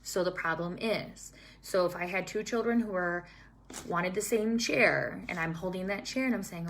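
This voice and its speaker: A young woman, a childhood teacher calmly explaining steps to colleagues. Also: lowish voice, normal speed, a little hiss or hum. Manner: calm, steady, explains step by step. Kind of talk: scripted-feeling teaching talk to staff.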